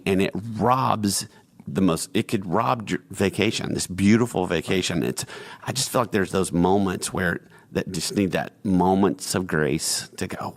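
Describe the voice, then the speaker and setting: Deep-voiced reflective male host. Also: a little slow, dry recording. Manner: reflective, affirming conversationalist. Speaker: podcast host. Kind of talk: casual podcast conversation.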